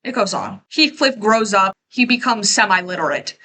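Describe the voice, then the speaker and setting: A woman in her twenties giving a casual, profane, sarcastic rant as she recaps a story, tossing in quick quoted asides. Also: medium pitch, animated, pushed and bright, poor audio. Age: 20s. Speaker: video essayist.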